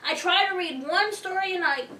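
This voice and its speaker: A woman in a comedy sketch, talking in a naive, excitable, rambling way, recorded in a roomy space from a distance from the mic. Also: extremely high pitch, normal speed, a little hiss or hum.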